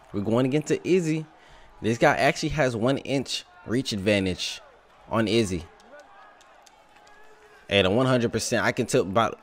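A young man giving casual, excitable commentary over his own gameplay, trash-talking and laughing at the game. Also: medium pitch. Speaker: gaming YouTuber.

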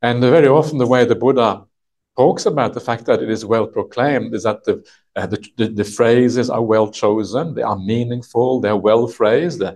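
A man teaching a retreat group as a monk, explaining a text patiently in a halting way full of "uh" and "yeah". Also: mid-range voice, a little mellow. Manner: halting, thinks aloud, many "uh" and "yeah" fillers. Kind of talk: unhurried dharma talk explaining a text. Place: retreat session with a live audience.

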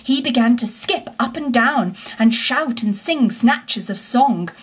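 Woman with a husky, high reading voice. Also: animated, a little slow. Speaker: audiobook reader. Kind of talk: storybook narration.

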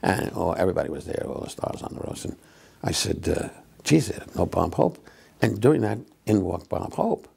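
A man in his eighties, a comedian telling old show-business stories in a rambling, halting way, full of fillers and wry asides. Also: deep voice, lively intonation, darkish tone. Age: 80s. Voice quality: gravelly, husky. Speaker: comedian reminiscing. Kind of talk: casual anecdotal storytelling.

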